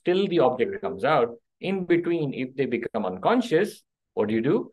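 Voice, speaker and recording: His voice runs on the high side with big pitch swings, slightly rough, at a moderate pace. The middle-aged doctor leads an interactive first-aid workshop, asking "okay?" and "right?", on a low-quality recording.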